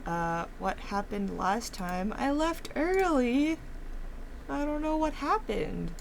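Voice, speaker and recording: A young woman hosting a casual tabletop session as game master. Her pitch swings widely while she talks slowly through rambling explanations full of fillers and giggles. There is a faint hiss behind her. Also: sing-song, vocal fry.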